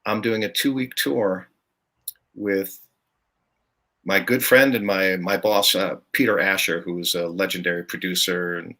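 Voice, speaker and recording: An older guest musician with a low, deep voice that still sounds bright and forceful chats on a casual podcast. He tells stories about gigs at a measured pace in a steady tone, laughing often.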